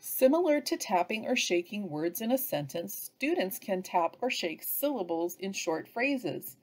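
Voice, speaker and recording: Slow, lively woman teaching. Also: mid-range voice. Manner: slow, lively delivery with chanted example phrases. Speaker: teacher trainer. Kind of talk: instructional narration.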